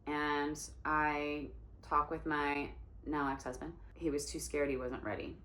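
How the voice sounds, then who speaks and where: A woman in her forties, an actress and singer, telling a story in an animated way and acting out the voices of the people in it. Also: deep voice, unhurried. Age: 40s. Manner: animated, acts out quoted voices. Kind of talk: storytelling monologue. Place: indoor room in New York. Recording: roomy echo.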